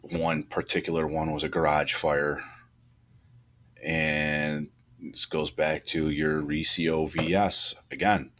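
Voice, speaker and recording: Speaking slowly in a very low voice, a man who co-hosts a podcast and heads a fire truck company rambles through casual talk about firefighting. His critique is animated, full of restarts, with pitch rising when he gets excited.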